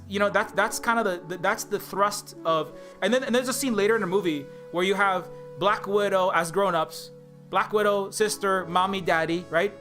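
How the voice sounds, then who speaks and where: An indie game developer ranting in a rambling, profane, sarcastic video commentary. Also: male voice, sits high, pushed and bright.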